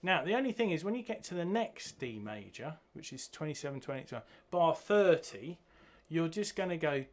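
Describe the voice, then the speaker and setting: A man teaching a bass guitar piece, counting beats and singing the rhythms aloud as he goes. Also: expressive, moderate pace. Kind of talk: music lesson walkthrough. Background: bass guitar playing.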